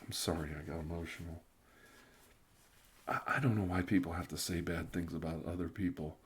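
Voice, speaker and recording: A middle-aged man with a lowish voice chats loosely on a live stream, a little drunk. He rambles, trips over restarts, and slips into quiet whispers now and then. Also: fairly even intonation, a little fast, breathy edge. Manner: rambling, stammering restarts, drifting into soft whispers. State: tipsy. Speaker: ASMR live stream host. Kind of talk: casual live stream chat, reading viewer comments.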